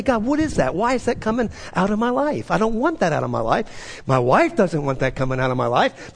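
Lively-pitched preaching man, echoing room. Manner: preaching with emphatic repetition and rhetorical questions. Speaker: pastor. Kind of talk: sermon.

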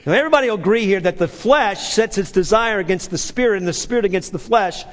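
A man's voice: sits high, fast talker, big-room sound. A middle-aged man preaching a sermon, driving points home with repeated phrases and rhetorical questions. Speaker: pastor.

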